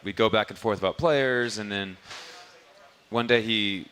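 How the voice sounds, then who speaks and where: Man, basketball coach, casual rambling interview answers, crisp bright tone. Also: fairly low pitch, a little slow. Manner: easygoing, rambling storyteller. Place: restaurant bar, live show.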